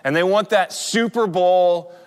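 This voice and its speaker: A man's voice: high voice, a little slow. A man in his forties preaching a sermon as pastor, telling stories in a conversational way with frequent restarts. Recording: long hall reverb.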